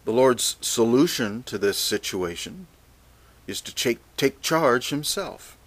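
A man preaching a Bible teaching sermon, measured and deliberate, reading scripture passages aloud. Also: medium pitch, expressive.

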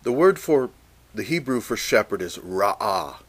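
A man preaching a Bible teaching sermon, measured and deliberate, reading scripture passages aloud. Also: medium pitch, expressive, husky.

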